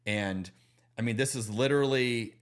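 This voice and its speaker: Eager pastor type, animated, mid-pitch male voice, podcast talk. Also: normal speed. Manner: enthusiastic, animated storytelling. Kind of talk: podcast conversation.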